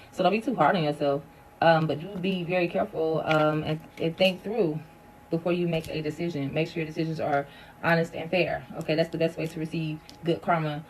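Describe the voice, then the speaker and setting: A woman with a fairly low voice runs a casual tarot reading, talking straight to her viewers. She is blunt and loose, swearing freely when she vents and jumping up high in pitch when something excites her. A faint hiss and some clicks sit behind her voice. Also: poor audio. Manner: chatty and blunt, cusses while venting, animated rises in pitch. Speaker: tarot reader.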